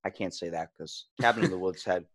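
A man co-hosting a podcast, chatting casually about a movie, excitable and swearing often as he acts out quotes. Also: sits low, a little fast, dry recording. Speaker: podcast co-host.

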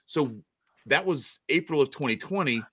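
A man's voice: on the high side, lively intonation, moderate pace, a bit bright, slightly rough. A man hosting a podcast in a casual chat, talking loosely and often trailing off and restarting. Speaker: podcast host.

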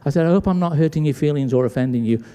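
Very fast and clear, with a resonant, fairly high voice, a British pastor delivers his sermon. He brings the story alive by acting out each person's dialogue, and the church sanctuary echoes with long reverb.

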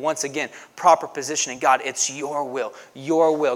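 A man preaching a sermon in a conversational way, often asking "right?" and swelling louder to stress a point. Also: mid-range voice, steady tone, moderate pace, hardly any pauses. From United States. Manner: conversational preaching, frequent "right?" asides, swells loud for emphasis. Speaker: pastor.

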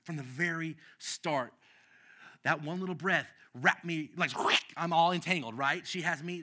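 Bright-voiced, impassioned man preaching. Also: fairly high pitch, a little fast. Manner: impassioned, swings from shouting to hushed, many restarts. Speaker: pastor. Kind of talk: sermon with personal storytelling.

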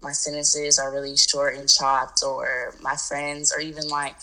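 A young woman with a low voice speaks candidly in a casual interview, trailing into fillers and breaking into laughs. Her tone is bright and forward, with a quick, easy flow. She sounds like a college student athlete talking openly. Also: flat delivery, low-quality recording. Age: 20s.

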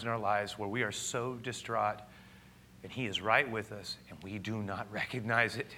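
Male pastor preaching, bright voice, goes lively then quiet and hushed. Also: on the low side, moderate pace, a little hiss or hum. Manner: animated storytelling that drops to hushed, intimate tones. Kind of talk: sermon.

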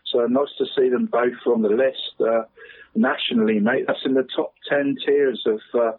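A man on local radio talking about football, chatty and relaxed, saying "mate" constantly and chuckling often. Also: mid-range voice, moderate pace, vocal fry, husky, dry recording. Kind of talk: casual phone-in chat. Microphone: phone. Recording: tinny phone line.

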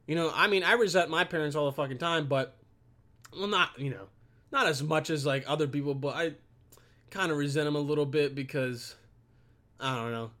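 A young vlogger rants at the camera on his computer with a bright, forceful voice on the high side, at normal speed but pausing often. He rambles and is profane, swearing constantly.

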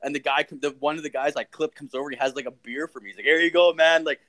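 A man's voice: medium pitch, racing. A young man from Ontario, Canada, hosting a podcast and telling a rambling story in casual chat, swearing constantly. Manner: profane, rambling, animated storyteller. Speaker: podcast host.

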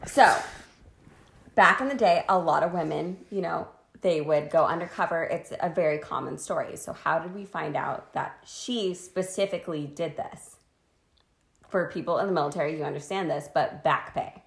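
A woman's voice: low voice, normal speed, creaky, roomy sound. A woman co-hosting a casual podcast chat, telling a history story in a crude, joking way and laughing often, a bit tipsy from wine. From Washington state, US.

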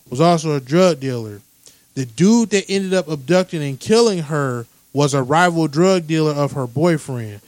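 A man in casual chat, recounting a news story in a measured way with street slang. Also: a little high, dry recording.

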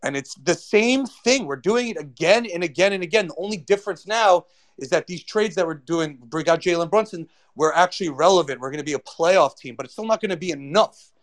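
A man's voice: a little high, brisk. A man on a sports show, ranting profanely and pressing each point with emphasis. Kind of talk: sports rant.

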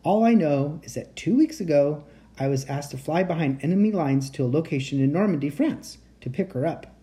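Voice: medium pitch, expressive, brisk, dark tone, lightly acted. A reader voicing a polite teenage boy enchanter who speaks in formal, old-fashioned phrasing. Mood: earnest.

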